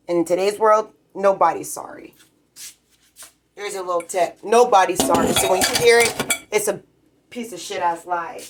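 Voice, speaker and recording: A woman delivers a heated, rambling rant, swearing freely as she vents. Her voice sits at a middling pitch. A steady hiss and scattered clicks run under the recording. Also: moderate pace. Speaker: vlogger. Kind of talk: profane ranting monologue.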